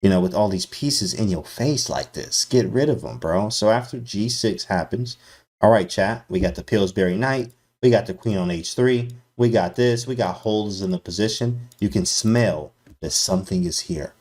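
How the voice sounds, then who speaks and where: Slangy male chess streamer, hyped, talks to chat, lowish voice. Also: moderate pace, darkish tone. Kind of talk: live-stream chess commentary.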